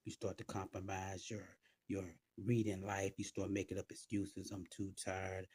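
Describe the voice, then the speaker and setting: A man's voice: deep voice, level tone, normal speed, a little mellow, breathy edge, no echo. A man preaching informally to the camera in a conversational way, often turning to the listener with asides.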